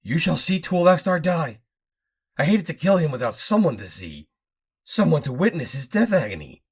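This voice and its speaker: A man voicing a cackling, vengeful old male inventor with a thin, high, screeching voice. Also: very animated, moderate pace, mellow, breathy edge, exaggerated voice. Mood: raging. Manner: ranting, vengeful.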